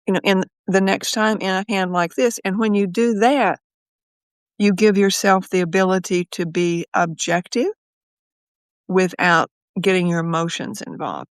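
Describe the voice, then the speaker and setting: A woman's voice: medium pitch, dry recording. A woman psychologist speaks as a guest on an interview podcast. She tells her stories with animation and often acts out her own inner voice in quotes. The recording is dry and close, with little room sound.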